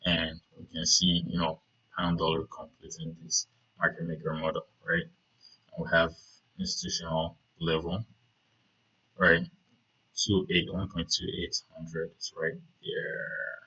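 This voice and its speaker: A man's voice: deep voice, monotone, measured pace, sharp tone, slightly rough, highs cut off. A man casually talking through trading charts, rambling with many fillers and "right?" checks. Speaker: trading video host.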